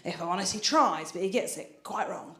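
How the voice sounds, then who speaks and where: A woman's voice: on the low side, brisk, pushed and bright, roomy sound. A woman doing a chatty, self-deprecating stand-up set on a theatre stage, with lots of filler restarts. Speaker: stand-up comedian. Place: theatre stage before an audience.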